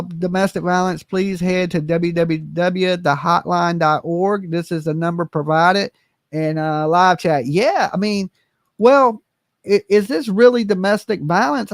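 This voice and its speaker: A man with a notably high voice talks through a live stream in a loose, rambling way. He leans on fillers and keeps checking in with "right?". His voice sounds close and dry, with no room around it. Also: no room sound. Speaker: livestream host. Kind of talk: casual live commentary.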